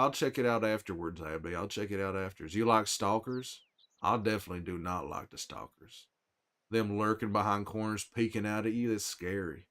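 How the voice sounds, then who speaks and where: A man's voice: lowish voice, fairly bright tone, clear, resonant tone, close to an everyday voice. A man playing a weary middle-aged male survivor in character on a livestream, with a put-on drawl and a folksy, chatty way of talking to viewers. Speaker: streamer in character.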